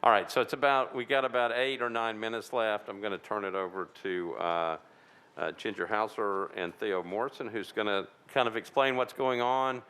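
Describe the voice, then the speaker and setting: A man's voice: fairly low pitch, fairly even intonation, moderate pace, a bit bright, smooth. A man, a vice mayor, chairing a city council committee meeting in an easygoing, joking way.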